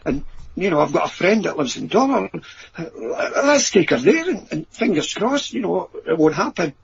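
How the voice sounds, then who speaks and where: A Scottish man, a paranormal researcher and author, telling anecdotes in an animated way on a podcast. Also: fairly high pitch, moderate pace, creaky, slight background noise. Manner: animated anecdotes acting out quoted voices. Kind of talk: storytelling in a podcast interview. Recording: dull lo-fi audio.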